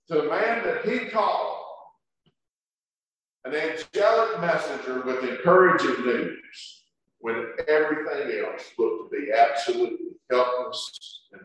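A man delivers a sermon at a slow, deliberate pace, with a slightly raised voice. He leans hard on key words and stretches them out. The sound is distant and carries the long echo of a large church hall. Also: a little high, fairly bright tone. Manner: emphatic preaching with drawn-out words and dramatic pauses. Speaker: preacher. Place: church sanctuary. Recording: echoey hall from far off.

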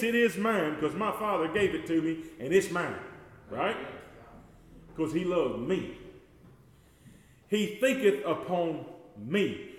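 A man preaching a sermon, folksy and talking to the congregation as y'all, growing loud and slow whenever he quotes scripture. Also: a little high. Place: church sanctuary. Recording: echoey church hall with long reverb.

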